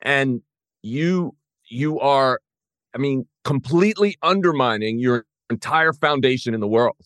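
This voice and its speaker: A man's voice: medium pitch, unhurried, a bit bright, dry recording, studio quality. Reflective male podcast host. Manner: thoughtful, reflective asides. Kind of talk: interview talk.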